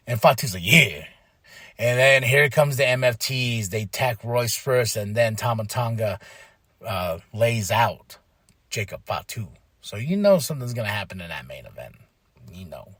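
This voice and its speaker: A man hosting a podcast, giving an excitable, casual recap full of fillers and acted-out quotes. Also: medium pitch, normal speed, no room sound, studio quality. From Flagstaff, Arizona. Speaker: podcast host.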